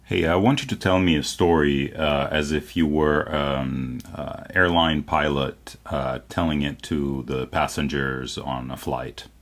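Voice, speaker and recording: Very deep-voiced man giving requests. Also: fairly even intonation, unhurried, few pauses, a bit bright. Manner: hesitant, lots of uh and um fillers. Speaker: user testing the voice assistant. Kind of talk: casual spoken requests.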